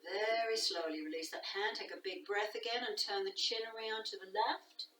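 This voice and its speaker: A woman teaching a guided yoga class, calm and soft-spoken, often dropping to a near whisper. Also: mid-range voice, moderate pace, a little hiss or hum. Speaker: yoga instructor. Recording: echoey room, voice from a distance.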